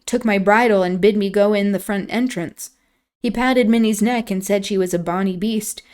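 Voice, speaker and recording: A woman at a streaming mic reads a classic novel aloud in an even, mid-range voice. Now and then she breaks off for quieter, reflective asides. It has the relaxed feel of an end-of-stream storytime. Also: mid-range voice.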